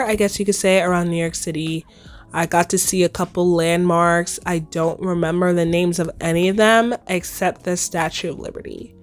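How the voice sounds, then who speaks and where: Hoarse young woman chatting on her podcast. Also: lowish voice. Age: 20s. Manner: chatty, playful slang, laughs often. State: hoarse, recovering lost voice. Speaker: podcast host. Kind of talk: casual solo podcast chat.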